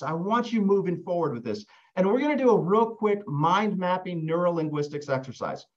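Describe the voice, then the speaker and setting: Male sales coach on a video call, casual delivery, keeps checking in with the group, slightly muffled audio. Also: high-pitched. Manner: conversational, keeps asking "right?", repeats words when restarting. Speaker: real estate sales trainer. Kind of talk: live online coaching session.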